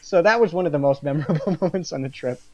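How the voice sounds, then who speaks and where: A man's voice: fairly high pitch, fast talker, dark tone, highs cut off, a little hiss or hum. A man guest on a podcast, telling a funny story in casual chat, laughing often and poking fun at himself.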